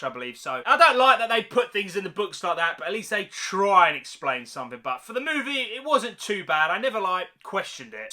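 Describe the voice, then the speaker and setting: A young man giving a casual, excited film review, full of slang, who keeps tagging sentences with "mate" and "man.". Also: high-pitched.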